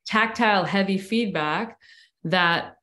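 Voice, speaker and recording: A woman's voice: medium pitch, slow, pushed and bright. A woman guest on an interview podcast, speaking candidly and reflectively, with frequent "like" fillers as she recounts her experience. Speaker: breathwork coach and podcast guest. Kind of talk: conversational storytelling.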